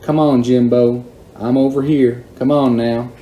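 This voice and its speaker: A man's voice: on the low side, steady tone, a little slow, warm tone, lightly acted. A man reading as an earnest country boy. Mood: coaxing. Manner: earnest, talking to his dog. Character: country boy coaxing and scolding his old dog.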